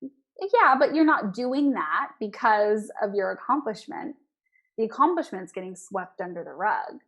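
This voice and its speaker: A woman dietitian, a guest in a casual interview, who talks with quick bursts of enthusiasm. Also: medium pitch, animated.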